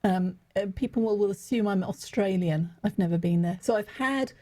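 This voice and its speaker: A woman's voice: medium pitch, warm tone. Witty English woman telling stories. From England. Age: middle-aged. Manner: witty, quick storytelling with laughs. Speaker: guest, executive coach. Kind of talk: casual interview chat.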